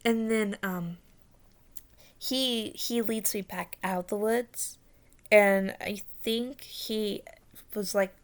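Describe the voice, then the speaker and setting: A young woman casually recounting a dream in a rambling, halting way, full of fillers and restarts, often dropping into whispers. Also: mid-range voice, steady tone. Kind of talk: casual storytelling.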